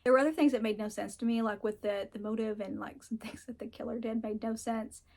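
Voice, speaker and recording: A woman's voice: a little high, fast, creaky. Frank, ranting woman book reviewer. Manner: frank, ranting, laughs often, swears; animated, mocks characters in put-on voices. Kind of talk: casual chat.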